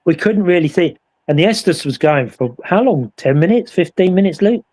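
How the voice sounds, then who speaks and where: A man recounting a ghost investigation in casual chat, acting out the voices in his story with animated energy. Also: high-pitched, normal speed. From England. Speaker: paranormal investigator.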